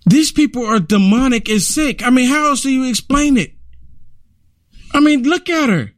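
Guy ranting over clips, high voice, indignant, keeps repeating himself. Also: lively intonation, moderate pace, no echo, clean studio sound. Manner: indignant, repetitive, urging. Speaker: commentator. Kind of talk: outraged political commentary over clips.

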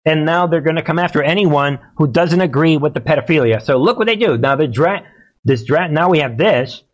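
A man's voice: a little high, brisk. A male host delivers live-streamed political commentary in a slightly raised voice. He talks in an agitated, repetitive and preachy way.

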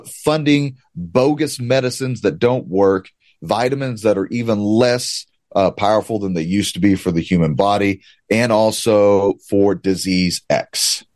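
A man's voice: on the low side, darkish tone, dry recording. A man giving political commentary, talking emphatically with a sarcastic, ranting edge. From United States. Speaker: guest commentator.

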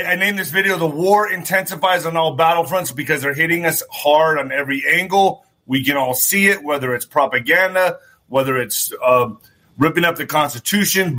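A man's voice: fairly high pitch, a little fast, bright, forceful tone. A man hosting his own online show, talking in a rambling casual monologue, repeating phrases and swearing now and then. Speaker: show host.

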